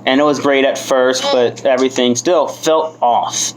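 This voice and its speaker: A man in his thirties shares his own story at a recovery meeting. He talks candidly and mocks himself, with plenty of swearing. His voice sits at an ordinary middle pitch for a man. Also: steady tone, measured pace, poor audio. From United States. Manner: candid, self-mocking, swears freely. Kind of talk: personal testimony.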